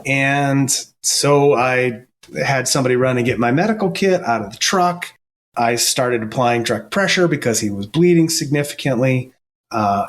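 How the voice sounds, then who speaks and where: A middle-aged man speaks in an ordinary mid-range voice. He tells stories earnestly and casually, often stopping and restarting his sentences. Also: mid-range voice. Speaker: firefighter and paramedic guest. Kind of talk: casual storytelling interview.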